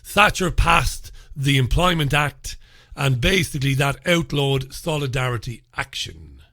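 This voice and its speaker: A man's voice: medium pitch, lively intonation, unhurried, gravelly, sharp tone, no room sound, clean studio sound. A man with an Irish accent hosting a solo talk radio show, chatty and opinionated with informal asides. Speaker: radio host. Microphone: studio microphone.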